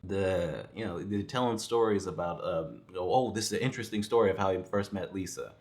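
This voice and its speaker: A man's voice: low voice, fairly quick, darkish tone. A man giving a casual, rambling film review, laughing often and swearing freely. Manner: rambling, chuckling, profane. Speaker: movie reviewer.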